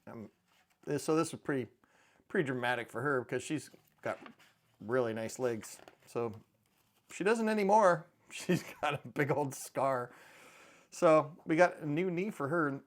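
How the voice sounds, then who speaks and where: Middle-aged man, mid-pitched, loose rambling vlog talk with dry offhand jokes. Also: measured pace, long pauses. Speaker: precious metals channel host. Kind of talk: casual chat to camera.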